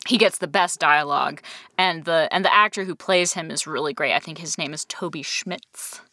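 A woman's voice: low voice, normal speed, sharp tone, dry recording, clean studio sound. A woman co-hosting a casual podcast chat, talking in a chatty, giggly way with many restarts. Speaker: podcast co-host.

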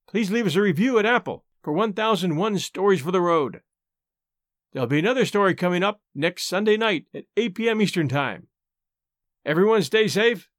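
A man narrating an adventure story with expressive, dramatic delivery. His voice sits fairly high and swings widely in pitch. The sound is dry and close, with no room echo. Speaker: audiobook narrator and host.

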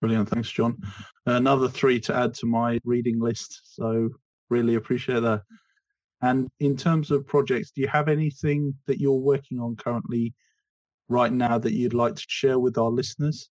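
A man's voice: mid-range voice, flat delivery, normal speed, darkish tone, no echo, poor audio. A man hosting a business podcast, asking questions politely and thanking his guest. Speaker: podcast host. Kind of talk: podcast interview and outro.

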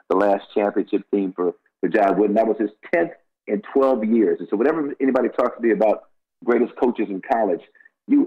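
Husky older man rambling on the radio. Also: lowish voice. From Los Angeles. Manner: rambling, with frequent repeated words and restarts. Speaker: guest, former college basketball player. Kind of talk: casual radio interview storytelling. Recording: dull lo-fi radio audio.

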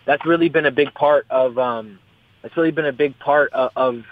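A man's voice: mid-range voice, moderate pace, dry recording. A young man, a fighter, talking in a casual interview, rambling, repeating his words and swearing freely. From US West Coast. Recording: tinny phone-like line.

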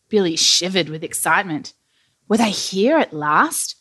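A woman narrating a children's story aloud in an animated, playful storyteller manner. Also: lowish voice, a little slow. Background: faint music.

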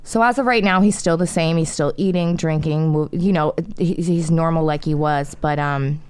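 A middle-aged woman in casual chat, telling animated stories full of profanity. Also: sits low, moderate pace, clear, resonant tone, dry recording.

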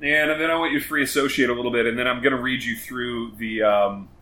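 A man's voice: medium pitch, fairly even intonation, fast, sharp tone. A man co-hosting a podcast in casual chat, rambling and playful, riffing and interrupting himself. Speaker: podcast co-host. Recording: roomy echo.

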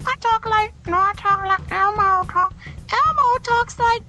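A squeaky Elmo. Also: male voice, unhurried, sharp tone, faint music behind, full character voice. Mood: playful. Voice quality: high and scratchy. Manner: talks about himself in the third person. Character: giggly high furry red male puppet monster, childlike.

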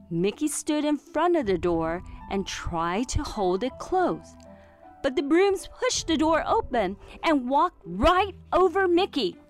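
A woman reading a children's storybook aloud in an expressive, clearly enunciated way. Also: sits high. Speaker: storybook reader.

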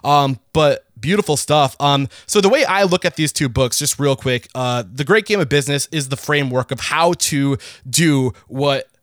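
A man hosts a podcast interview, probing his guest with earnest, enthusiastic questions. His voice sits a bit higher than usual for a man. It is recorded close and dry, with no room sound. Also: moderate pace, few pauses, a bit bright, no room sound. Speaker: podcast host.

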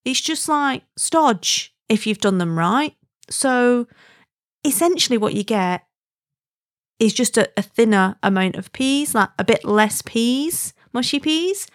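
A married woman from Wigan, northern England, speaks slowly in a slightly high voice with lively intonation, heard in clean studio sound without echo. Her Wigan accent carries a chatty, emphatic casual story punctuated by frequent "right?"s.

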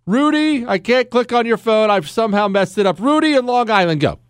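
Male radio talk host, sarcastic, laughs a lot, high voice bouncing all over. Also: lively intonation, brisk, clean tone, no room sound. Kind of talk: animated call-in radio talk.

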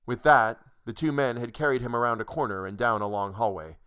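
Man, audiobook narrator, measured, dry storytelling. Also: on the low side, sharp tone, clear, resonant tone. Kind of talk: audiobook reading of a short story.

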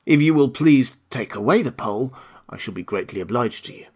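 A man voicing a friendly, simple-hearted male scarecrow in a husky voice, reading a storybook aloud. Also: mid-range voice, expressive, fairly quick. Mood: earnest.

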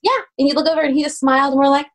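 A woman in her thirties, a pastry chef guest telling stories in a casual interview, acting out quoted voices with sudden pitch jumps. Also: very fast. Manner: animated, acts out quotes with lively pitch jumps. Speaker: guest, pastry chef turned ice cream maker.

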